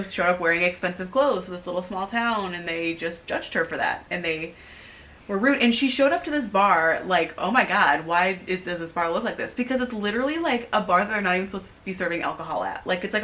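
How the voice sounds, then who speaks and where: A young woman co-hosting a casual book review chat, rambling with lots of fillers and getting animated as she rants. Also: medium pitch, fast talker. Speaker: co-host.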